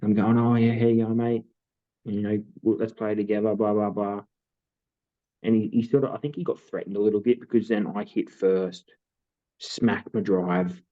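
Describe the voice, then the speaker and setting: A man's voice: on the low side, fairly even intonation, moderate pace. A man, co-hosting a podcast and telling a long story in casual chat, full of fillers. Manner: rambling storytelling with many fillers. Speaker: podcast co-host. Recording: tinny phone-like sound.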